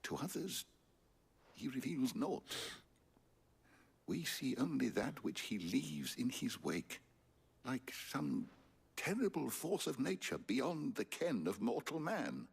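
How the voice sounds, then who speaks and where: A formal British scholar with a gravelly, husky edge in a video game. His speech is archaic and measured, and his pitch rises and falls widely. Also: sing-song, heavily acted. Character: scholarly old-fashioned male researcher, grave and formal.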